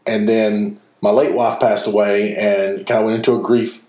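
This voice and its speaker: A man's voice: on the low side, normal speed. A man in his forties co-hosting a podcast, chatting casually and rambling with fillers. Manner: relaxed, rambling, with fillers and self-corrections. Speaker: podcast co-host. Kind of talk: casual conversational podcast chat. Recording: roomy echo.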